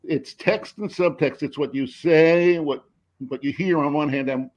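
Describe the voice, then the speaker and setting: An older man on a video call who rambles through an anecdote with many halting restarts, telling a joke along the way. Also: on the high side. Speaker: screenwriter and professor, panel guest.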